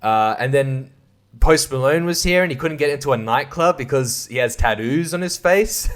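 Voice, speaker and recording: A man hosting his own podcast, rambling through a crude comic monologue. He is irreverent and keeps breaking into laughter at his own jokes, at a mid pitch. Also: animated, normal speed. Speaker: podcast host. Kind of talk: casual comedic monologue.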